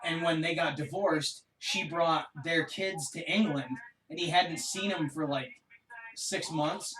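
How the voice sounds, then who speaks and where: A man's voice: a little high, unhurried, distant mic, a crowd in the background. A man co-hosting a podcast, laid-back and swearing casually in chat while watching a film. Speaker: podcast co-host. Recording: roomy, off-mic sound.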